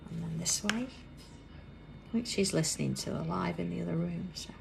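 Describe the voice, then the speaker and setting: Chatting through a live craft demo streamed from a busy indoor workroom, a British woman speaks in a gravelly, lowish voice at normal speed. Her talk falls to a soft whisper as she draws, and the background is noisy.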